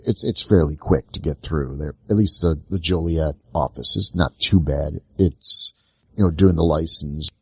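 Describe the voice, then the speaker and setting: A man's voice: deep voice, breathy edge, no echo. A man co-hosting a podcast, chatting in an easygoing, mildly amused way. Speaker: podcast co-host. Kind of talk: casual podcast chat.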